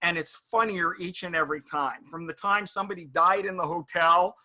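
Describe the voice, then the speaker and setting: A middle-aged man, a guest in a casual interview, telling anecdotes in a reflective, halting way. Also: high-pitched, pushed and bright.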